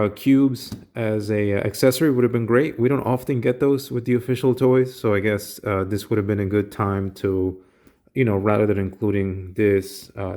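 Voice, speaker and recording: A man giving a casual, rambling toy unboxing review with many fillers. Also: fairly low pitch. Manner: relaxed, rambling with frequent fillers.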